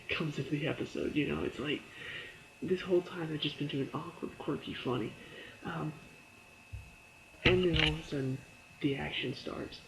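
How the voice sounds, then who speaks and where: Man with a gravelly, slightly high voice. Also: a bit bright, slight background noise, low-quality recording. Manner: chatty, many fillers, laughs while retelling scenes; briefly acts out characters' lines in quotes. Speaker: TV episode reviewer. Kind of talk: casual spoken review.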